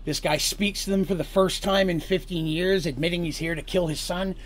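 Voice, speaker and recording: A man's voice: high voice, steady tone, fairly quick. A man narrating a tabletop story as game master, casual and explanatory, with frequent asides.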